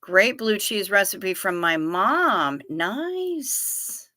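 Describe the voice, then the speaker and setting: A woman hosts a relaxed livestream, reading chat aloud and firing back blunt, salty replies. Her voice is bright and punchy. The sound is dry and close, with no room echo. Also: medium pitch. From United States. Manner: blunt, salty, quick to tease. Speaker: livestream host.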